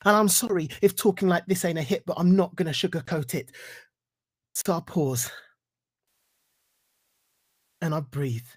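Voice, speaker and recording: A man giving a reflective talk and reciting spoken-word poetry in an earnest, rhythmic way with deliberate pauses. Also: fairly high pitch. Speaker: guest speaker.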